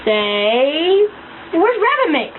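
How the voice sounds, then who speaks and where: A woman with a high, swooping voice coaxes and encourages in a sing-song lilt. The sound is thin and phone-like, with clear noise around it. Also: very animated, extremely slow. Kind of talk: prompting a child through animal sounds.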